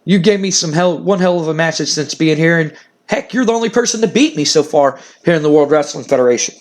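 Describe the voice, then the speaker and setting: An earnest male wrestling champion offers a rival his respect, repeating himself as he reassures, voiced by a man recapping a game. The voice sits fairly high, with a casual, unpolished delivery. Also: brisk, natural voice.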